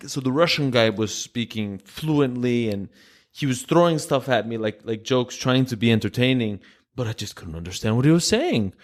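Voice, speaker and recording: A man's voice: mid-range voice, normal speed. Greek man telling a story. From Greece. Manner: animated storyteller, acts out quoted voices. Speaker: guest. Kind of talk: casual storytelling chat.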